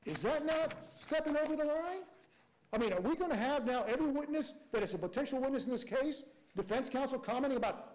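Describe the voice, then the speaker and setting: A man's voice: very high-pitched, lively intonation, brisk, darkish tone, rough recording. A man arguing as a prosecutor at a courtroom hearing, pressing his points with emphatic rhetorical questions. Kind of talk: courtroom argument.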